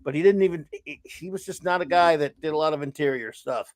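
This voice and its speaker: Casting: enthusiastic male host, higher voice, dry close mic. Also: fast talker, no room sound. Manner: enthusiastic, rambling with restarts. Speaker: podcast host. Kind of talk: casual chat about comics.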